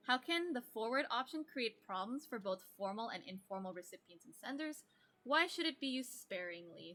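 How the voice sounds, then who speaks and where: A woman's voice: medium pitch, bright, forceful tone. A woman teaching an online English class, explaining terms and asking students questions.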